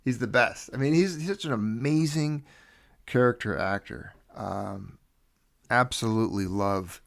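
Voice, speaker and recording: A man's voice: fairly low pitch, creaky. A man hosting a livestream, chatting casually and greeting viewers one by one. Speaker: livestream host. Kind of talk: casual chat with live viewers.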